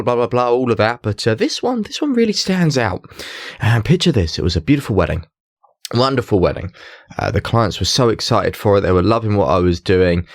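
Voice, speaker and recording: A man's voice: mid-range voice, no room sound, clean studio sound. A man, a mentalist, telling a story on a chatty podcast with lots of laughs. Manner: animated, laughs while telling stories. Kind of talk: casual storytelling chat.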